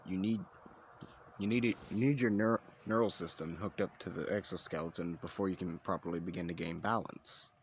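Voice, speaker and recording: A man's voice: low-pitched, steady tone, a little fast, slight background noise. Man doing a firm, patient male doctor. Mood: insistent. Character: calm, insistent male doctor.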